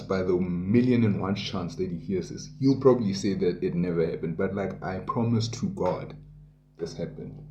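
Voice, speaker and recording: A man's voice: low voice, dark tone, echoey room, slight background noise. A young South African man casually telling a personal story, full of township slang and voiced asides. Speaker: podcast host.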